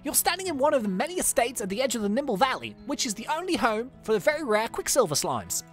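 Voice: medium pitch, big pitch swings, fast, soft background music, voice pushed up, natural voice. A let's-play gamer reading out a sassy, wealthy young woman rancher in a put-on Australian accent, haughty and impatient. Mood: brisk. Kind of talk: reading game dialogue aloud.

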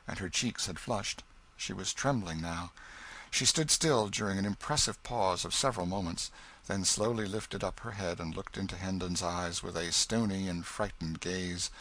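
A man narrating a classic novel as an audiobook in a measured storytelling manner. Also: low-pitched, fairly bright tone. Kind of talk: scripted narration.

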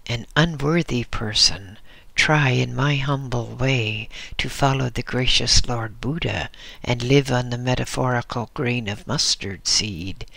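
A man voicing an ancient, blind male hermit, gentle and humble, with a dry, scarcely used voice and a measured, solemn, kindly way of speaking. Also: mid-range voice, gravelly, no echo, full character voice.

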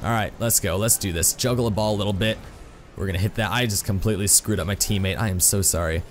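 A man doing excitable, self-mocking live commentary while playing a video game, full of exclamations. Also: on the low side, quick pace, slight background noise. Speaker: gaming YouTuber.

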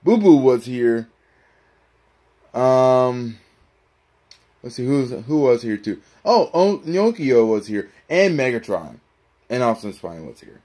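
A man's voice: mid-range voice, animated, takes it slowly, long pauses, mellow. A man talking casually to his viewers, rambling and pleading for likes and subscribers. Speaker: YouTuber. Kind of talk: casual vlog talk.

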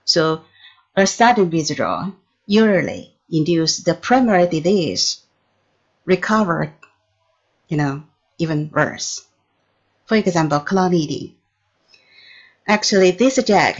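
Slow, halting woman lecturing. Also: on the low side, lo-fi sound. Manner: halting, many restarts and fillers, non-native phrasing. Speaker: pharmacology lecturer. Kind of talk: recorded lecture.

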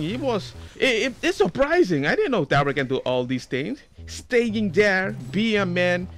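An excitable man joking his way through gameplay commentary. His voice sits high and swoops around constantly. Faint background music runs beneath him. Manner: excitable, jokey and enthusiastic. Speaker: video creator.

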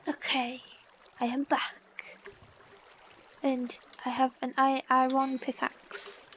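A high-pitched British woman rambles playfully through a game, talking slowly with silly asides. The recording is a little dull and lo-fi, with faint game music underneath. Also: completely flat delivery, fairly bright tone, slight background noise. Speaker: gaming vlogger. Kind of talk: casual gameplay commentary.

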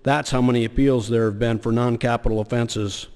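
A man delivers a legislative floor speech, pausing often on fillers and starting phrases over. His voice sits at an ordinary middle pitch. Long reverb from the big chamber trails each phrase. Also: steady tone, a little mellow, smooth. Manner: halting, many fillers and restarts. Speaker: state senator.

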